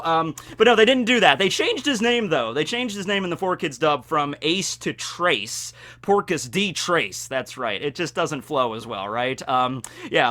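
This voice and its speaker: Man, video host, casual commentary, jokey, slightly high voice. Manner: animated and jokey, with fillers. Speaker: YouTube host.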